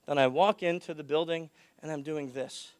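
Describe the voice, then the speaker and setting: A man speaking at a conference with a fairly high, smooth, resonant voice. He projects loudly and dips low and quiet when he tells a story. The sound is close and dry. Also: steady tone, normal speed, no echo. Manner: projects loudly, drops his voice low for anecdotes. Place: conference hall.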